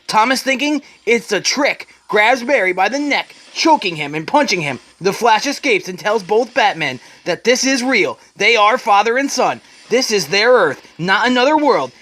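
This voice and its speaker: A man's voice: high-pitched, fairly bright tone. A man retelling a comic book story as a dramatic reading, quoting the characters along the way.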